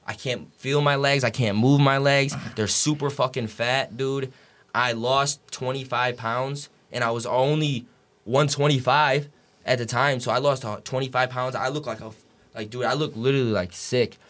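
A man's voice: medium pitch, steady tone, normal speed, a bit bright. A young man telling his story as a podcast guest, casual and rambling, swearing freely and filling his talk with "like" and "dude". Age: young adult. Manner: profane, rambling, full of "like" and "dude".

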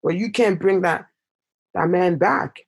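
A man's voice: unhurried, gravelly, slightly rough. A young man from Canada telling a painful story as a podcast guest, impassioned and full of fillers. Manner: impassioned, rises in pitch when upset, many fillers. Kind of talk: emotional storytelling in conversation.

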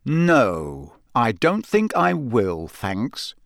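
A man voicing a teenage schoolboy wizard in a quiet, matter-of-fact way. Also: mid-range voice, huge pitch swings, very slow, no room sound, studio quality, heavily acted. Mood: stubborn.

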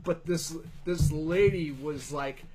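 High-voiced profane storyteller man. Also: slow pace, over music, low-quality recording. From Virginia. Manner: loose, profane storytelling, full of fillers. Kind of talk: casual chat.

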